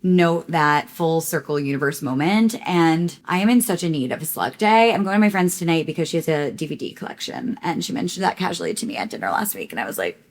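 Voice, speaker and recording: A woman's voice: low-pitched, animated, brisk, hardly any pauses. A young woman from Connecticut chatting casually to her phone camera in a rambling vlog, full of "like". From Connecticut, USA. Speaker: vlogger.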